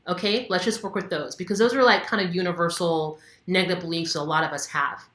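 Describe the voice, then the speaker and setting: A woman's voice: lowish voice, lively intonation, fast talker, few pauses, a bit bright, reverberant. A woman wellness coach talking casually to camera, candid and conversational with many fillers. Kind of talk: casual instructional talk to camera.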